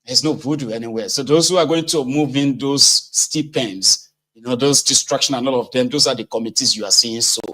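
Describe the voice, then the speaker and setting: A man's voice: mid-range voice, fairly quick, pushed and bright, low-quality recording. A man with a Nigerian accent giving casual political commentary, talking conversationally and asking rhetorical questions.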